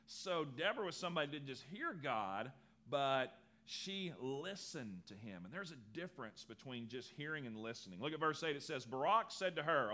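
A man preaching a sermon as pastor, animated and acting out the people in his story. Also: medium pitch, moderate pace. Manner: animated, acts out quotes in lively voices.

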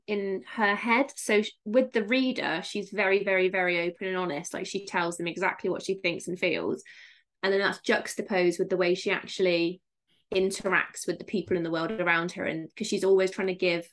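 A woman from Somerset with a Somerset English accent, chatting frankly and playfully as an author guest on a podcast. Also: medium pitch. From Somerset, England. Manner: frank, playful, quick to laugh. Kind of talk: casual interview chat.

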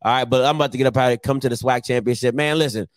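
A man's voice: medium pitch, steady tone, racing, background noise. A man in his thirties hosting a sports picks show, ranting casually to camera with slang and laughing asides. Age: 30s.

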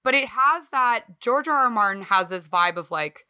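Bright-voiced woman podcast co-host. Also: fairly high pitch, moderate pace, hardly any pauses, clear, resonant tone. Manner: animated, swearing, self-mocking. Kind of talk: casual chat.

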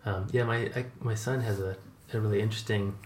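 A man's voice: lowish voice, steady tone, brisk, a little hiss or hum. Chatty American man, roomy sound. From United States. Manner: chatty, rambling, laughs often. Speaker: host. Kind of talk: casual conversational interview.

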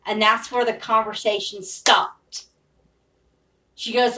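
A woman's voice: on the high side, slow pace, a bit bright, distant mic, low-quality recording. A woman podcaster in a rambling, profane, confessional monologue.

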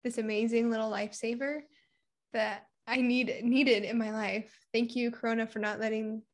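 A young woman from Puerto Rico, talking candidly in a casual conversation. Her voice sits a bit high, and she tells personal stories in a chatty way, acting out what people said. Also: little pitch movement, moderate pace. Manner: candid, chatty storytelling with acted-out quotes.

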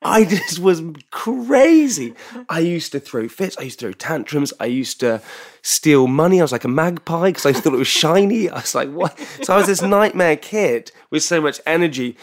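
A young Englishman with a fairly high voice guests on a podcast and tells a candid personal story. His delivery is energetic and full of restarts and repetitions.

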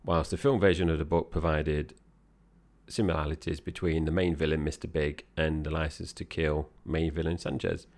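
A man's voice: very deep voice, little pitch movement, moderate pace, darkish tone. A man co-hosting a podcast, chatting easily about a film and tossing questions to his co-host. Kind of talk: casual film chat.

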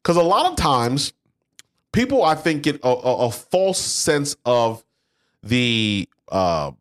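A man's voice: mid-range voice, slow pace. A man co-hosting a podcast, chatting casually about sales and acting out quoted salespeople. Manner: animated, acts out quoted salespeople. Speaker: podcast co-host. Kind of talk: casual business chat.

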